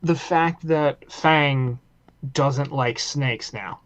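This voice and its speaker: A man co-hosting a casual podcast chat, retelling scenes with laughs and lively energy. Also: medium pitch, extremely slow, dull audio. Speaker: podcast co-host.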